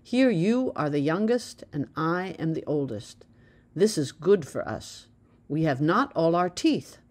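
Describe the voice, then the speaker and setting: A proud old village elder, solemn and commanding, voiced by a woman in a storybook reading. He lays slow, emphatic weight on each point, tender toward the small boy and certain of his own authority. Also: deep voice, big pitch swings, a little mellow, full character voice. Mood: earnest.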